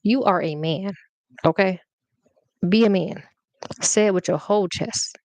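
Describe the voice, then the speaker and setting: A woman's voice: medium pitch, measured pace, darkish tone, no room sound. A young adult woman hosting a live podcast, chatting casually and rambling playfully straight to her viewers. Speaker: podcast host.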